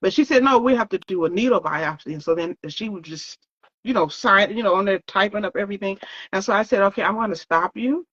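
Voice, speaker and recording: A woman's voice: medium pitch, fast, a bit bright. A woman telling her own story in an interview, talking conversationally and often quoting what others said to her. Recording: dull lo-fi sound.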